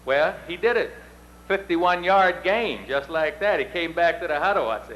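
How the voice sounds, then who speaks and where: A man's voice: on the high side, expressive, normal speed, a bit bright, a little hiss or hum, poor audio. A middle-aged man presenting at an induction ceremony, telling folksy, self-deprecating stories. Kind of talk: speech with storytelling.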